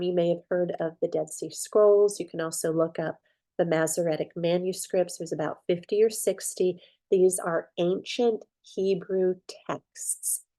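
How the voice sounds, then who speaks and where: Slow-talking woman narrator. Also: on the low side, mellow. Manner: unhurried, with fillers and restarts. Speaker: Bible reading narrator. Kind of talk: casual spoken introduction.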